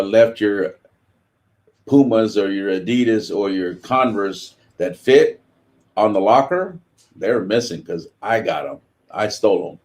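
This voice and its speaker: Guest role: man in his 70s from California, lower voice, lively storyteller who acts out what people said. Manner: animated storyteller, acts out quotes. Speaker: guest, veteran. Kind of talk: storytelling interview.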